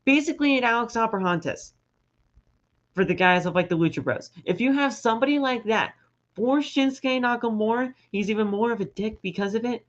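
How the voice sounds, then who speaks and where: A man co-hosting a casual wrestling podcast, often stumbling and repeating words as he talks. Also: sits high. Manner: halting, repeats words, animated. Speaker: podcast co-host. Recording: slightly dull lo-fi audio.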